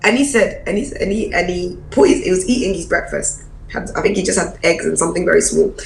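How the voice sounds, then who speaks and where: A woman pastor, preaching a personal testimony in an animated storytelling way. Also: fairly low pitch, quick pace, vocal fry, roomy sound, soft background music, rough recording. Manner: animated storyteller, acts out quoted voices.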